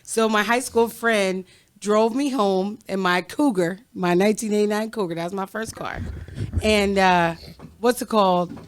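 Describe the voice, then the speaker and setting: A young adult woman co-hosting a casual podcast, telling a story in an animated way, laughing and acting out quotes. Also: medium pitch, normal speed, clean tone. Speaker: podcast co-host.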